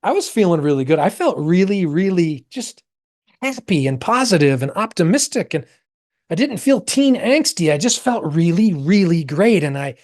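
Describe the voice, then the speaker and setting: A middle-aged American man, an actor, telling a personal story as a podcast guest, animated and acting out quoted voices. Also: moderate pace. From United States. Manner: animated, acts out quoted voices with big pitch jumps.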